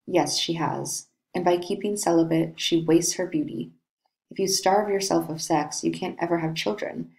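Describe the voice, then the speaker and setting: A woman reading the part of a brooding, lovesick young nobleman in a play, in a slow, dreamy way. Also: sits low, vocal fry, darkish tone, poor audio.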